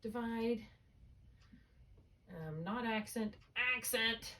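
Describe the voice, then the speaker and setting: A woman's voice: mid-range voice, drawn-out words, long pauses, a bit bright. Woman tutor walking a student thru spelling steps, patient, mid voice, mic kinda far away. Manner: patient, thinking aloud step by step. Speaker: reading tutor. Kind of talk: one-on-one spelling lesson.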